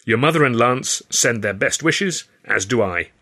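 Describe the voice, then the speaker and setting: A man's voice: medium pitch, expressive, unhurried, sharp tone, heavily acted. A man voicing a stern older father, a college head porter, reading out his own formal, droll letter.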